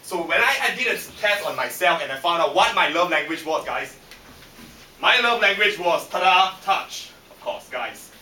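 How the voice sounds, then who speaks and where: A man with a Singaporean English accent giving a humorous contest speech in a lively, punchy way that teases the audience, recorded in a function room by a far camera. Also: on the high side, normal speed, a little hiss or hum. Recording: echoey hall from far off.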